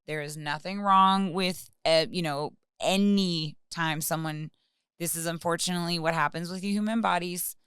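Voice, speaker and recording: A woman's voice: fairly low pitch, steady tone, moderate pace, a bit bright, clean tone, dry recording, clean studio sound. A young woman talking frankly and with passion on a casual podcast, swearing freely. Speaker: podcast co-host or guest.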